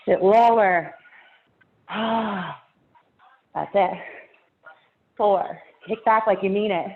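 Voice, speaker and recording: A breathless woman fitness instructor cues a live workout class, counting down reps encouragingly and laughing between cues. Her voice is medium-pitched, and the tinny, phone-like audio carries a little hiss or hum.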